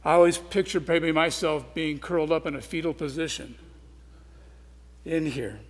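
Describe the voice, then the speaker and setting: A man with a high voice preaches a sermon with earnest intensity. He leans into loud emphasis, then drops to quiet, soft asides. His voice rings with the long reverb of a large hall. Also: normal speed.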